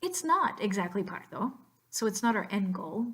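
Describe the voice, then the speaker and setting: A woman's voice: mid-range voice, big pitch swings, moderate pace. A woman with an American English accent, teaching Spanish pronunciation in a narrated slideshow lesson and drilling words by repetition.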